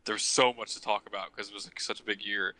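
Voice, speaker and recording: A man's voice: fairly low pitch, steady tone, quick pace, sharp tone, no echo, rough recording. A man co-hosting a podcast in casual chat, easygoing and hedging his words with "like". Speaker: podcast co-host.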